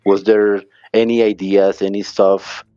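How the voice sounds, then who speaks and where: A man's voice: on the low side, flat delivery, measured pace, mellow, smooth, dry recording. A man hosting a casual podcast chat, asking questions hesitantly with fillers. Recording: dull lo-fi line.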